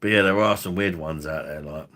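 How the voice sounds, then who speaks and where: Deep-voiced man, crude rambling chat. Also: fairly quick, bright, forceful tone. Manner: crude, rambling, heavy swearing. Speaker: livestream host. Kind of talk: casual livestream chat.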